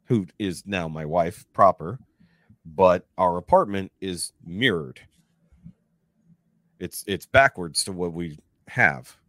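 A man's voice: low-pitched, dry recording, studio quality. A man on a podcast telling a long dream story in a casual, profane way. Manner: profane, animated retelling with acted-out quotes. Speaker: podcast guest.

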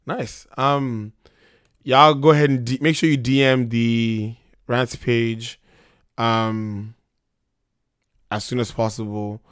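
A young man hosts a casual podcast, teasing and loud, his voice wearing thin and hoarse. The sound is dry and close, with no room around it. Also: medium pitch, slow, pauses often, no echo. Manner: teasing, loud and excitable, slips into Nigerian pidgin. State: losing his voice. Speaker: podcast host.

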